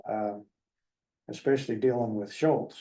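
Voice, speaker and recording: A man with a mellow, mid-range voice picked up from across a county meeting room. He gives a careful, measured opinion as a commissioner. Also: on the low side, steady tone, recorded from a distance, slight background noise. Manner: measured, cautionary. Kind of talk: giving an opinion in a work session.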